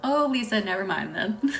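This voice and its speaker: Soft-spoken Southern woman host. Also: medium pitch, animated, measured pace, recorded from a distance. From Southern United States. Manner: soft, drifting into breathy near-whispers, laughs easily. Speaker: energy healer hosting a live stream. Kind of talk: casual live-stream chat with viewers.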